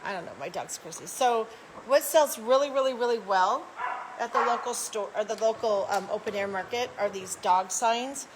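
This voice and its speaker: A woman's voice: on the high side, moderate pace, background noise. A woman chatting casually on a live stream, upbeat and friendly, greeting viewers by name and laughing often as she shows off her home craft room. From Arizona, United States.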